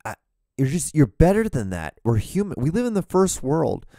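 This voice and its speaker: A man's voice: a little high, big pitch swings, normal speed, mellow, no room sound. Man, solo podcast host, profane rambling rant, voice starting to go, dry close sound.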